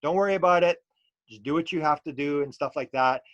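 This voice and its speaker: A middle-aged man talks as an interview guest, telling his stories in an animated, rambling way that often restarts mid-thought. His voice sits a little high for a man. The sound is dry and close, with almost no room around it. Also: fairly quick, no room sound, muffled recording. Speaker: UFO researcher guest. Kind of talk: casual storytelling interview.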